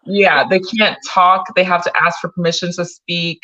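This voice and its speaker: A woman hosting a podcast, explaining background to listeners in a measured way with frequent filler pauses. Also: fairly low pitch, fairly even intonation, bright, forceful tone. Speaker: podcast host. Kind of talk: conversational explanation. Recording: dull lo-fi sound.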